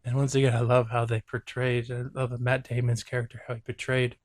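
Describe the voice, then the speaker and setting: Male therapist host, earnest reflective reaction commentary, flat delivery, dry close recording. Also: medium pitch, fairly quick, dry recording. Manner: earnest, reflective, openly emotional.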